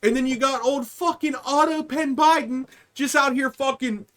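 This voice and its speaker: High-voiced profane ranting man. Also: normal speed, few pauses, a bit bright. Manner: profane, rambling, slips into mocking voices. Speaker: podcast host. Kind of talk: ranting comedic monologue. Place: home streaming setup.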